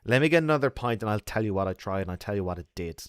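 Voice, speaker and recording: A man's voice: on the low side, expressive, racing, clear, resonant tone, no room sound. An Irish man hosting a loose, casual chat with his viewers from a bar. He jokes and laughs easily as he talks. The sound is dry and close. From Ireland. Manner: chatty, joking, laughs often. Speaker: host.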